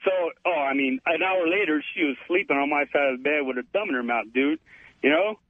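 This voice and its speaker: A man's voice: on the high side, fast talker, no room sound. A man calling in to a radio show over the phone, telling a story in a boastful, chatty way and calling the host dude. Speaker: caller. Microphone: telephone. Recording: tinny phone line.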